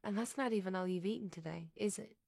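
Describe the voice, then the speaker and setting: A woman voicing a teasing man who keeps pressing with mock-gentle questions, in a story reading. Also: medium pitch, quick pace, vocal fry, dry recording, studio quality.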